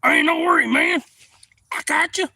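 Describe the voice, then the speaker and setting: A man's voice: high-pitched, moderate pace, a bit bright, no room sound, clean studio sound, voice pushed up. A man voicing a laid-back male hunting buddy who talks in an easygoing, teasing way. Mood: reassuring.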